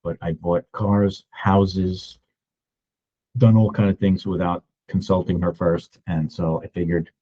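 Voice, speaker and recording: Deep-voiced man in his sixties telling a story. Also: a little slow, highs cut off, slight background noise. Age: 60s. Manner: animated storytelling, acting out other people's voices. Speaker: real estate agent. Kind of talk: storytelling vlog.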